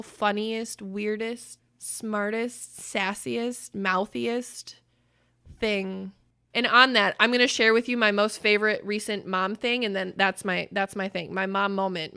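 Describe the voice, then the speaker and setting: A woman co-hosting a podcast, telling stories in an animated way and breaking into loud laughter. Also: medium pitch, gravelly, clean tone. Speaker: podcast co-host. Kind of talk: casual podcast chat.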